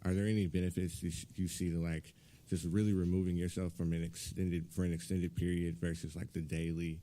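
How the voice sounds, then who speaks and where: Host, male, deep and very dark tone, hesitant casual questioner. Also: level tone, fairly quick. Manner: hesitant, lots of "like".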